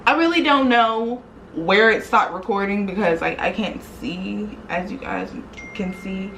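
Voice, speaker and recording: A young woman vlogger retelling a story in a casual, animated, slangy way, acting out quoted dialogue. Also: mid-range voice, a little slow, a little hiss or hum, rough recording.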